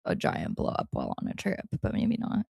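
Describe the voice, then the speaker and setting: A woman co-hosting a casual advice podcast, talking in an animated way with frequent laughs and reading listener letters aloud. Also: brisk, no echo, clean studio sound. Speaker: podcast co-host.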